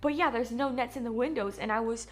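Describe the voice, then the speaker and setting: A young American woman chatting casually to camera in a vlog, talkative and animated with lots of fillers. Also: fairly high pitch, quick pace. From United States. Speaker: vlogger.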